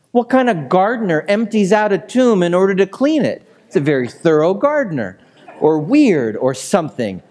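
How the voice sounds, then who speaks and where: A pastor delivers a sermon in a relaxed, conversational manner, frequently putting questions to the room. His voice is a little high and a little mellow.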